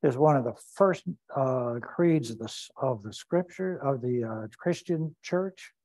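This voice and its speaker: A pastor leading a Bible study, speaking deliberately and repeating key phrases for emphasis. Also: male voice, mid-range voice, lively intonation, a little mellow, low-quality recording.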